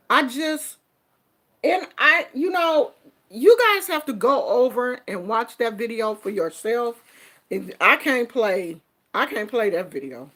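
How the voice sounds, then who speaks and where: A middle-aged woman vlogger chatting casually on a livestream, reading viewer comments in an animated, sassy way, going from low murmurs to loud exclamations.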